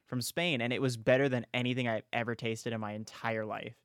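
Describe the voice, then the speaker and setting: A man's voice: mid-range voice, little pitch movement, fast talker, clear, resonant tone, no echo, studio quality. A young man co-hosting a podcast, chatting casually and animatedly, swearing a lot and calling people bro and dude. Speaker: podcast co-host. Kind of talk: casual chat.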